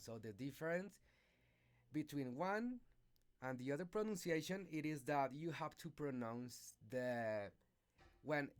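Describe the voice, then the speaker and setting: Man, Spanish native speaker, pronunciation lesson, slow and careful, lively pitch. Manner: slow, careful, hesitant explanation with many okays.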